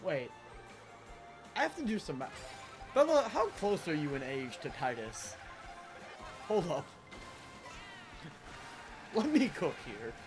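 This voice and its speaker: A man live-streaming a game, chatting casually with viewers in a rambling, animated way and laughing often. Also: fairly high pitch, slow pace, pauses often. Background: game music.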